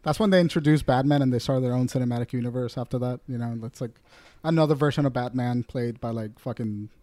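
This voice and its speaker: Fast-talking eager man, dry sound. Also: medium pitch, dark tone, no room sound. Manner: quick, eager, questioning. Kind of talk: casual podcast chat.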